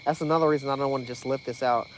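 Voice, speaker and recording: A man chatting excitedly to a live-stream chat while fishing, swearing freely and out of breath. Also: mid-range voice, racing, slight background noise. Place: outdoors on a dock at night.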